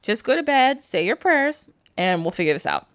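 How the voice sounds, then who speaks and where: Lady doing a chill little magic doll, easygoing, lively pitch. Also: moderate pace, clear, resonant tone, no echo, clean studio sound. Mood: reassuring. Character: helpful magic doll, small and unflappable.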